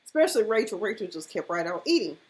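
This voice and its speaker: A woman's voice: mid-range voice, sing-song, quick pace. A woman giving casual, profane commentary on a reality TV episode, emphatic and outspoken.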